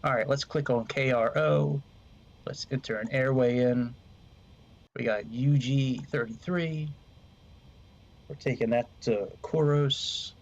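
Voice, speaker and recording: Man, flight sim streamer, casual commentary, swears a lot, mid-pitched voice, slightly dull lo-fi mic. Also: takes it slowly, vocal fry, long pauses. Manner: rambling, swears freely, talks to chat.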